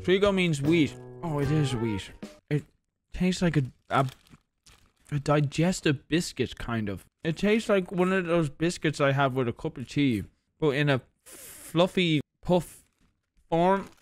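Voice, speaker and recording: A man's voice: a little high, animated, a little slow, no echo, faint music behind. Rambling Irish man reviewing snacks. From Ireland. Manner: rambling, jokey, mock-defensive outbursts. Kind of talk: casual snack review vlog.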